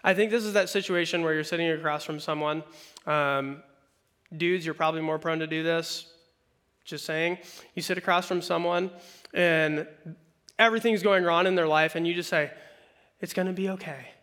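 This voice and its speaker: Bright-voiced man preaching conversationally. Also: on the high side, moderate pace. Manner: conversational, animated preaching with acted-out quotes. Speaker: pastor. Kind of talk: sermon.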